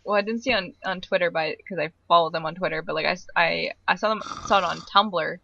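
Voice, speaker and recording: A woman co-hosting a podcast in casual chat, excitable and emphatic, laughing often. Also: on the low side, quick pace, gravelly, slight background noise. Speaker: podcast co-host. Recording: dull lo-fi podcast recording.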